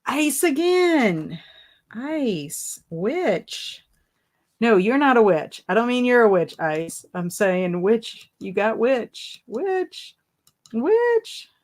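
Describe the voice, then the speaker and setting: A woman hosting a casual live stream, chatting, laughing often and reading viewers' comments aloud. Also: fairly low pitch. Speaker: livestream host.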